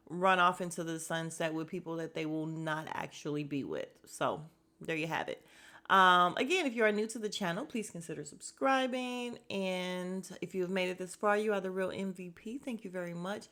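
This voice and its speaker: A woman with a lowish, slightly bright voice hosts a podcast reviewing a reality dating show. She recaps it casually, bluntly and with strong opinions, swearing freely. Her delivery is chatty, full of fillers and asides.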